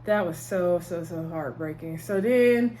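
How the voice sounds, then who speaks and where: A woman's voice: lowish voice, unhurried, mellow, slight background noise. A woman, chatting casually as she recaps a TV episode, rambling and laughing often. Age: 30s. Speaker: TV show reviewer.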